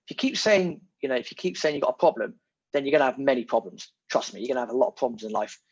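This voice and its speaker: A man, a podcast guest talking in a casual, animated and emphatic way, repeating his key words. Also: medium pitch, racing, slightly rough. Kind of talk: casual conversation. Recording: muffled lo-fi audio.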